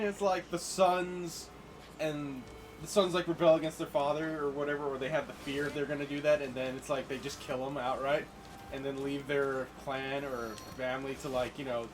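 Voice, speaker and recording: A man's voice: a little high, moderate pace, slight background noise, rough recording. A young man chatting casually over a game he's playing, telling stories and acting out scenes. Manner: chatty, animated storytelling, acts out lines. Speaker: gaming co-host. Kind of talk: casual let's-play chat.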